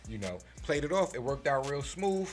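A man telling a funny story on a podcast in animated, slangy speech with acted-out quotes. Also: mid-range voice, normal speed, soft background music. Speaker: podcast guest. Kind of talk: casual storytelling.

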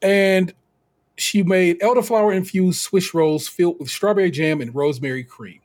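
A man co-hosts a podcast in a casual recap. His voice sits a bit high and has a husky edge. He talks in an animated, slangy way and laughs easily. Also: moderate pace. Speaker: podcast co-host.

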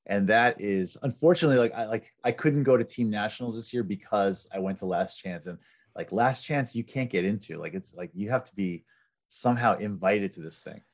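Low-voiced man, talk-show guest, chatty and animated. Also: brisk. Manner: animated storyteller with lots of fillers. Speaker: podcast guest. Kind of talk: casual chat.

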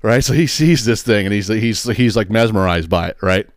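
A man's voice: fairly low pitch, normal speed, no room sound, studio quality. A man hosting a podcast, telling a rambling, profane story, often laughing and acting out the scenes. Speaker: podcast host. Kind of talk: casual storytelling monologue.

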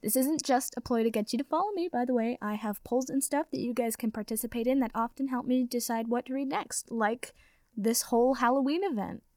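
A woman's voice: fairly high pitch, fairly quick, a little mellow, no room sound. A woman reading fan fiction aloud into a close mic, then chatting informally and gushing to listeners. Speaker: audiobook narrator.

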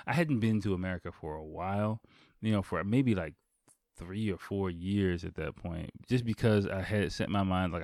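A man's voice: low voice, a little mellow, no room sound, studio quality. A man hosting a podcast, telling a long story in a casual, rambling way, swearing freely and full of fillers and restarts. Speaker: podcast host.

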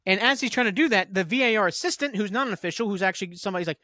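Angry high-voiced man ranting profanely. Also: lively intonation, a bit bright, dry recording, clean studio sound. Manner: profane, heated, fast-talking rant. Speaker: sports talk podcast host.

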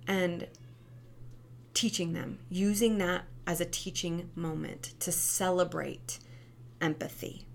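A woman who used to teach preschool, giving casual parenting advice in a lively, conversational way and often asking "right?". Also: takes it slowly, gravelly, a little hiss or hum. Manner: animated, acts out quoted kids and parents with big pitch jumps.

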